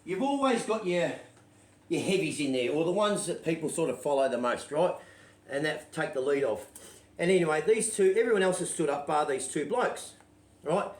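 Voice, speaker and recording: A man's voice: a little high, lively intonation, normal speed. A man telling a rambling, swear-laden story in casual anecdotal style, checking in with "right?" constantly. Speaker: show host telling a story. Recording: roomy echoey sound.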